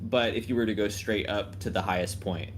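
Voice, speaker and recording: A man narrating as game master in a tabletop game, relaxed and full of filler ums. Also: on the low side, fairly quick, a little hiss or hum.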